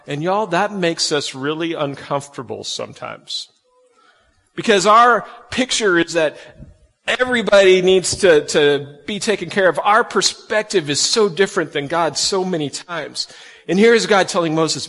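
A man preaching a sermon to kids and families, folksy and animated, acting out the quotes he reads. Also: on the high side, unhurried, in a large hall. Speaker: pastor.

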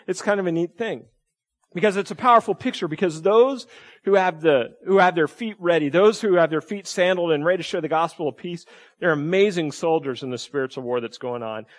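A middle-aged pastor delivers a sermon in a loose, conversational way, often pausing to check in with his listeners. His voice sits a little higher than most men's. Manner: conversational preaching with frequent "right?" asides.

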